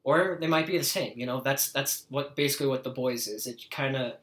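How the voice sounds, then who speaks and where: A man's voice: mid-range voice, fairly quick, fairly bright tone. A man hosting a podcast, chatting casually in a blunt, rambling way with heavy swearing. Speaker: podcast host. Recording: roomy, echoey room.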